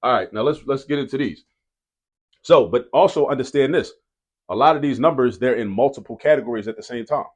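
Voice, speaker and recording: A man explains math to students in a relaxed, conversational way. He drills each rule by saying it again and again. His voice sits at an ordinary middle pitch. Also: fairly quick, breathy edge. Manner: repeats key rules for emphasis, casual and direct. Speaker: math teacher.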